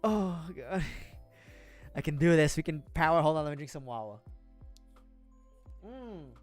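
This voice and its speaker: A man's voice: fairly high pitch, expressive, a little slow, soft background music. Rambling, laughing young man streamer. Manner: rambling, self-deprecating, swears casually, laughs often. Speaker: livestreamer building model kits. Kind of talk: casual rambling chat to viewers.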